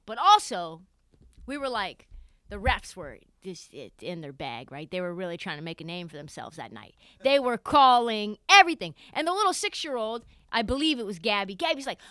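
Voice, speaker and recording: A young adult woman hosting a podcast, telling a casual story in an animated, chatty way and swearing freely. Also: on the high side, clear, resonant tone, no room sound, studio quality. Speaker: podcast host.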